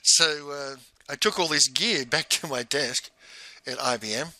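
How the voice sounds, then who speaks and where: A man's voice: fairly high pitch, a little slow, bright, forceful tone, no echo, rough recording. A man, a former salesman, telling his own story frankly, with bursts of indignation. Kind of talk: candid personal storytelling.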